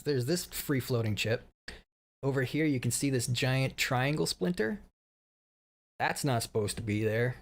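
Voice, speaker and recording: A man of around thirty with a medium-pitched voice gives a casual, rambling stream update. He swears often and laughs at his own stories.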